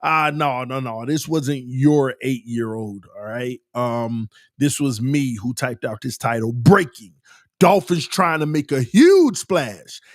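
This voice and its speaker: A man hosting a casual sports fan livestream, ranting and repeating himself with bursts of laughter and shouting. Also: medium pitch, lively intonation, takes it slowly, no echo, clean studio sound. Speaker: sports channel host.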